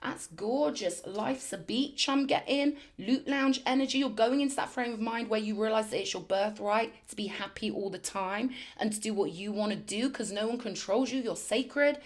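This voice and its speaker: A woman's voice: on the high side, normal speed, hardly any pauses. A woman doing a spiritual tarot reading, talking in emphatic, affirming bursts and repeating phrases for effect. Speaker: tarot reader.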